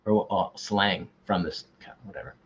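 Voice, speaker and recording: A man's voice: on the low side, steady tone, moderate pace, husky, lo-fi sound. A man hosting an online quiz, bantering casually and teasing himself. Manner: joking, self-deprecating banter. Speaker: quiz host.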